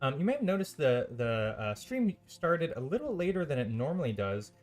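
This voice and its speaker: A man's voice: a little high, big pitch swings, normal speed, a little mellow. A man hosting a live stream and casting a strategy game tournament on his own. He talks loosely and chattily, with many ums and uhs and the odd dry, sarcastic aside. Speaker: esports caster and stream host. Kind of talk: solo live game commentary.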